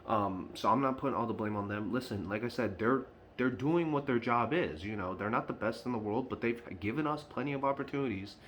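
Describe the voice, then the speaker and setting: A man's voice: medium pitch, a little fast, fairly bright tone, slight background noise. A man talking straight to camera in an unscripted fan vlog, frustrated and emphatic, often repeating his points. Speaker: sports fan vlogger.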